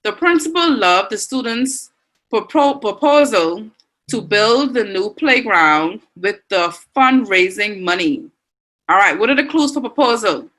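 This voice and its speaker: A woman teacher with a Bahamian accent, leading an online class and warmly reading out and praising students' answers. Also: medium pitch, animated, unhurried, low-quality recording. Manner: encouraging, reads students' answers aloud with frequent praise.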